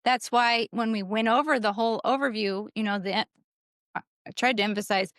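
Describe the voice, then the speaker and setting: A woman's voice: fairly high pitch, normal speed, fairly bright tone, dry recording, studio quality. Earnest woman teaching parents. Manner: earnest, emphatic, repeats key points. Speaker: parenting podcast co-host. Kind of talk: casual teaching talk.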